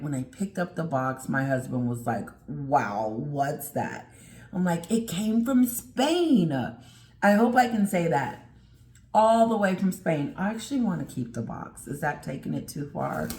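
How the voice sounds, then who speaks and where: Gushing woman vlogger, echoey room. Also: deep voice. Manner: gushing and effusive, exclaiming often. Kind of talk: excited unboxing chat to camera.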